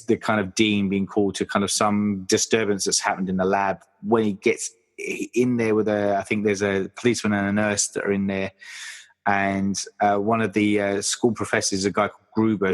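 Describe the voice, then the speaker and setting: A man's voice: fairly low pitch, level tone, normal speed. A man co-hosting a podcast, chatting casually about a horror film with many fillers and restarts. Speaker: podcast co-host.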